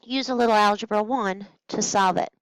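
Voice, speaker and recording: A woman's voice: mid-range voice, fairly quick, no room sound, low-quality recording. A woman math teacher talking through practice problems at a smart board, chatty and playful with little asides to herself. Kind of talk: recorded test-prep walkthrough.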